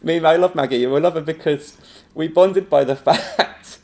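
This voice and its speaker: A man with a somewhat high voice, speaking at a normal pace, appears as a guest: he's an improv teacher in a casual anecdotal chat. He tells stories in an animated way, laughs often, and acts out quotes.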